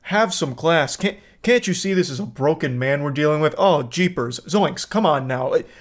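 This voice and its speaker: A man's voice: expressive, moderate pace. A man voicing a flustered woman who fusses and pleads on behalf of a broken man, in a mocking, exaggerated voice. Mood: exasperated pleading. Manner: exaggerated, mocking high falsetto.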